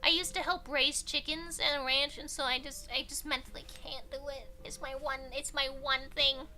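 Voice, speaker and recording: A woman streamer in casual stream chat, rambling and chatty, quick to laugh. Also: high voice, steady tone, bright, forceful tone, a little hiss or hum. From not from England.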